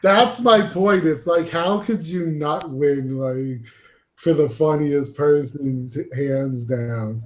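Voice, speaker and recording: A man chatting casually on a panel show, trading quick banter and agreeing with the others. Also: fairly high pitch, darkish tone. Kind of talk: casual chat.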